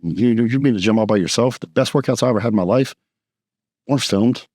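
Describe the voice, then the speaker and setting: Husky fast-talking man. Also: mid-range voice, a little mellow. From Texas. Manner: blunt, profane, fast anecdotes. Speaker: podcast guest. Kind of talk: casual storytelling.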